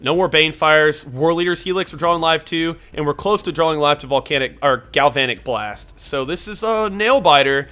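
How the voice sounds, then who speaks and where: Bright excitable man narrating his gameplay. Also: on the high side, moderate pace, hardly any pauses. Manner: excitable, swears when frustrated, thinks aloud. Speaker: gameplay commentator. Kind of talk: live gameplay commentary.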